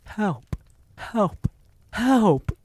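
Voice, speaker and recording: A man's voice: sits high, sing-song, drawn-out words, breathy edge, pitched above the performer's own voice, full character voice. A man voicing a frightened small boy screaming for help. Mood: panicked. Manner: desperate yelling.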